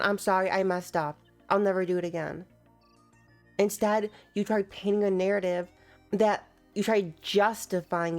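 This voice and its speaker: Young woman reacting to clips, sarcastic and jokey, laughs a lot, soft music behind. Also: mid-range voice. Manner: teasing, sarcastic, laughs often. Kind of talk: casual reaction commentary.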